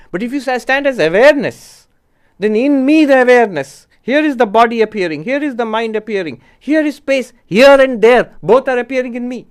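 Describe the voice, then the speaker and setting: Smooth-voiced man teaching Vedanta. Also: very high voice. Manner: measured and explanatory, posing rhetorical questions. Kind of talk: spiritual discourse.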